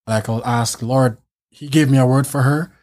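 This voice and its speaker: A man casually sharing a faith testimony about his marriage, acting out quotes as an animated storyteller. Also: medium pitch, normal speed. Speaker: husband telling their story.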